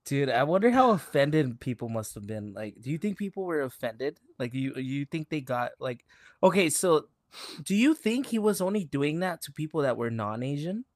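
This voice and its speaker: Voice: mid-range voice, big pitch swings, moderate pace, a little mellow, no echo, clean studio sound. A podcast co-host in casual chat, laughing often and asking teasing questions.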